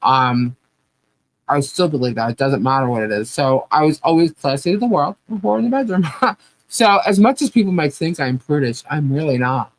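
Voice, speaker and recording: A woman's voice: very deep voice, expressive, normal speed, low-quality recording. A middle-aged woman co-hosting a podcast livestream, chatting casually and candidly, reading comments and laughing often. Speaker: podcast co-host.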